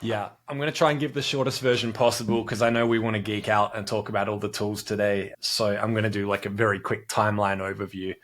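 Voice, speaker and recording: An Australian man in his forties, a podcast guest who tells his story in a brisk, matter-of-fact way. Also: lowish voice, level tone, a bit bright. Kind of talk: casual interview chat.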